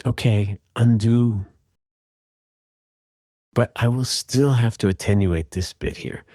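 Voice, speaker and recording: A man calmly and methodically walking through an audio repair tutorial in voice-over. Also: fairly low pitch, slow, dry recording, studio quality. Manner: calm, methodical explaining. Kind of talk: screen-recorded software tutorial.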